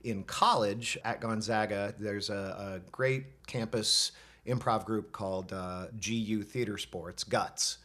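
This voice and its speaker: A man's voice: on the low side, fairly even intonation, slow, bright, forceful tone. A man, a guest improv performer, chatting casually in an interview with an easygoing, rambling manner.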